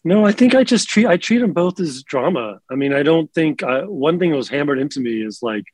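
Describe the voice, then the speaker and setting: A man's voice: fairly high pitch, animated, a little fast, slightly rough, dry recording, low-quality recording. A man, an actor, answering questions thoughtfully over a video call, often trailing off and restarting.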